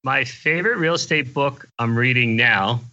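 An older man speaks as a podcast guest, easygoing and plain-spoken. His voice is bright and forward at a middle pitch. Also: moderate pace, lo-fi sound. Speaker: guest investor. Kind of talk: casual interview chat.

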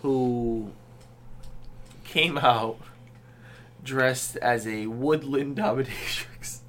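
A man co-hosting a casual talk podcast, recapping events with a sarcastic, drawn-out delivery. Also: mid-range voice, a bit bright, a little hiss or hum. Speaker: podcast co-host. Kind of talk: casual wrestling recap chat.

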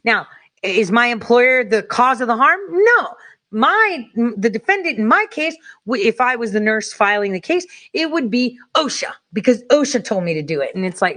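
A woman delivering a heated, profane political rant, angry and rapid-fire. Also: fairly high pitch, lively intonation, a bit bright.

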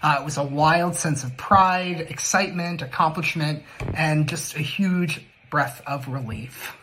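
A man's voice: fairly high pitch, unhurried, pushed and bright, a little hiss or hum, rough recording. A man recording a personal story, earnest, starting lines with uh. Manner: many "uh" fillers, earnest. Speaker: listener sending a memory.

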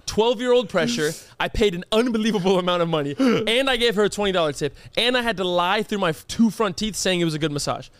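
A young man co-hosting a podcast, telling a story with exasperated, animated mock outrage in casual chat. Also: sits high, fast, few pauses, no room sound. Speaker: podcast co-host.

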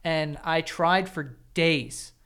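A man hosting a podcast in casual chat, loose and profane, quick to joke. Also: fairly high pitch, a bit bright, smooth. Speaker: podcast host.

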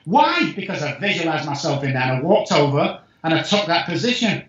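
A man speaking as a guest addiction specialist, telling stories in an emphatic, excitable way that jumps in pitch and loudness. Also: a little fast. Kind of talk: animated storytelling in conversation. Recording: echoey room, dull lo-fi sound.

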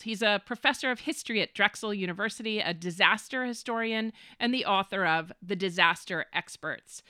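A woman's voice: mid-range voice, sharp tone, clear, resonant tone, no room sound, studio quality. A woman hosting a podcast, talking in a wry, self-deprecating and opinionated way from a small room at home. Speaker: podcast host. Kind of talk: conversational commentary.

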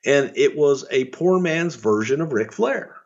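A man's voice: mid-range voice, expressive, a little slow, dull audio. A middle-aged man telling wrestling stories in casual podcast chat, profane and rambling, with chuckles. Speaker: podcast storyteller.

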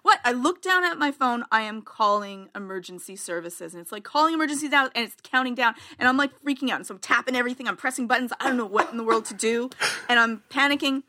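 A woman co-hosting a podcast, telling a story in a rambling, animated way with lots of fillers. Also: fairly high pitch, quick pace. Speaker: podcast co-host. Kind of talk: casual storytelling chat.

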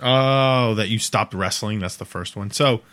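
A man's voice: fairly low pitch, unhurried. A man, co-hosting a podcast and telling long, self-correcting stories in casual chat. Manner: animated storyteller, rambling and self-correcting. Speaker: podcast co-host.

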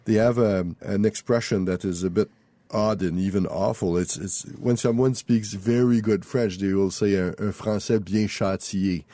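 A man's voice: lowish voice, fairly even intonation, moderate pace, mellow. A man who is a guest author in a radio studio, explaining carefully with frequent restarts. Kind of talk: interview chat.

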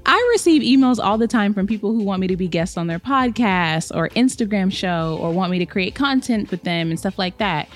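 A woman's voice: mid-range voice, expressive, brisk, hardly any pauses, soft background music. A young woman hosting her own podcast in a sassy, emphatic monologue, calling listeners honey and babe. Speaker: podcast host. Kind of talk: casual solo podcast monologue.

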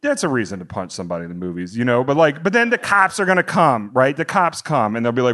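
A middle-aged American comedian rattles through a long, rambling stand-up story at a quick pace, with hardly any pauses. He is animated throughout, and his voice shoots high as he gets worked up.

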